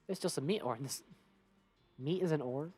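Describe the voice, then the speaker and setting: A woman's voice: sits low, normal speed, a little mellow, breathy edge, soft background music. A woman streamer casually commenting on a game and reading its text aloud, playful and chatty.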